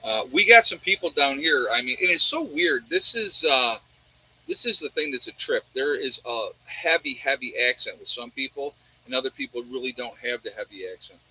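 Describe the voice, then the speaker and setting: A man from New York State with a New York accent hosts a livestream, rambling through viewer chat and asking his audience rhetorical questions. His medium-pitched voice is husky, pushed, and bright, with lively intonation at a moderate pace, in a rough recording.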